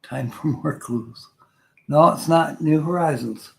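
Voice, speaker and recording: An older man hosts a relaxed live stream, answering his chat with easy jokes and chuckles. His voice sits a little high for a man and has a gravelly edge. He talks at an unhurried, drawn-out pace. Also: poor audio. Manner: joking, chuckles often. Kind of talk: casual live-stream chat reading viewer comments.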